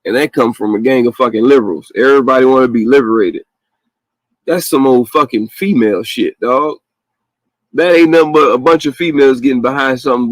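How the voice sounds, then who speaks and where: A man's voice: medium pitch, fairly quick, no room sound, low-quality recording. Host, man, heated and profane with frequent laughs, dry close mic. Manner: profane, animated, laughs often. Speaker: podcast host. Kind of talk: casual opinionated chat.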